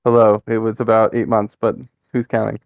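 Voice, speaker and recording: A man's voice: fairly low pitch, monotone, brisk, no echo, narrow, tinny audio. A man guesting on a casual podcast, making playful, wry quips.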